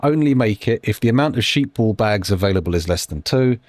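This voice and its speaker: A man's voice: lowish voice, animated, a little fast, darkish tone, no room sound, clean studio sound. A man giving casual live-stream commentary while playing a game, rambling, musing aloud and making self-deprecating asides.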